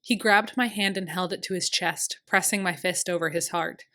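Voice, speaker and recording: A woman's voice: lowish voice, steady tone, moderate pace, a bit bright. A woman narrating a first-person historical romance audiobook in an earnest, emotional way.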